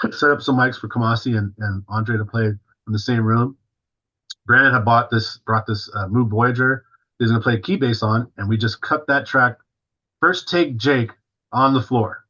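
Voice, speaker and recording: A man's voice: mid-range voice, bright, forceful tone, breathy edge, muffled recording. A male drummer, a guest on an interview, tells a story casually and animatedly, full of fillers and acting out what others said.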